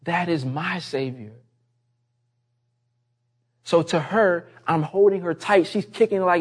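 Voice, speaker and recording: A man's voice: moderate pace, breathy edge. Man preaching a heartfelt sermon. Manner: impassioned, rising in pitch and volume toward the end; personal storytelling, conversational asides. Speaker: pastor.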